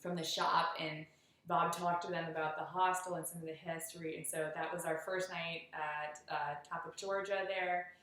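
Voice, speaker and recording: A woman's voice: fairly low pitch, level tone, normal speed, fairly bright tone. A woman co-hosting a hiking vlog, chatting casually and laughing as she recounts a trail section with her friend. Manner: chatty, finishes her partner's sentences, laughs often. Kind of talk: casual chat recounting a hike. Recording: very echoey room.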